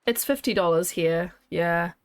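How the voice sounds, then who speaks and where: A woman's voice: on the low side, unhurried. A woman with a New Zealand accent chatting casually to her viewers while streaming a game, laughing often. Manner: chatty, laughs often, talks to chat and herself. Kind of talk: casual chat while playing.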